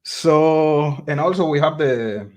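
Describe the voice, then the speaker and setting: A man hosting a casual podcast chat and reading out viewer messages, speaking haltingly with many fillers. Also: fairly high pitch.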